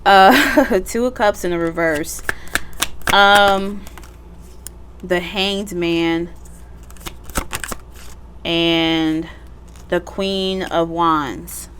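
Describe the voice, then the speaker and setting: A woman's voice: fairly low pitch, drawn-out words, long pauses, noisy background. A woman giving a casual tarot reading at home, chatty and blunt, swearing freely and laughing often. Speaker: tarot reader. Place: at home, sitting back in a computer chair.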